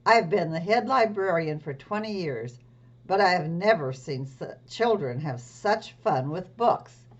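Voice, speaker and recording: A woman voicing a longtime head librarian in a storybook read-aloud, speaking loudly and emphatically. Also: lowish voice, animated, measured pace, muffled recording. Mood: delighted. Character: stern older head librarian, warming up.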